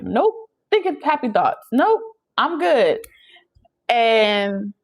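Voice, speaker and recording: A young woman speaks in a fairly low voice, doing a chatty, emphatic channeled tarot reading. She talks straight to her listeners, often pausing to ask "okay?" between points. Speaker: tarot reader. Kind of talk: channeled tarot reading, casual talk to camera.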